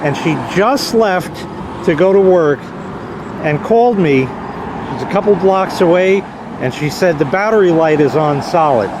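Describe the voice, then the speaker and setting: Wry rambling man, high-pitched voice. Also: expressive, a little slow, background noise. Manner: rambling, wry, swears lightly. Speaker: car owner vlogging a repair. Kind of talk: casual vlog. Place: outdoors by a parked car.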